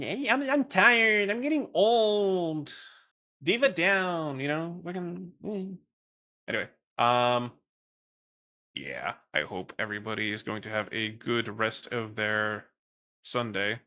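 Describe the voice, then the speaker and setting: A man's voice: medium pitch, pushed and bright, clear, resonant tone. A young man from the Netherlands with a Dutch accent, chatting casually on a stream and rambling while reading chat. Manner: rambling, swears casually, reads chat aloud.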